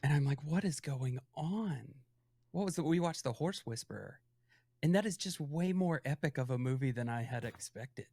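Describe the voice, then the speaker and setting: A man's voice: mid-range voice, expressive, a little fast, darkish tone, no echo, clean studio sound. A man guesting on a podcast, chatting casually and earnestly about a film.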